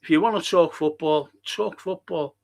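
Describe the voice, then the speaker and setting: A man hosting a live football watchalong, reading chat messages aloud and answering them in a blunt, sweary, quick-tempered way. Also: fairly high pitch, vocal fry.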